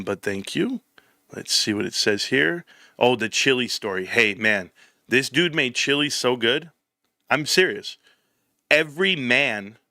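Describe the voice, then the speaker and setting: A young man from California hosting a casual live stream from home, chatting with viewers and telling stories in an animated way. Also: medium pitch, no room sound, studio quality. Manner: animated storytelling, reads chat aloud. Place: home, standing at a desk.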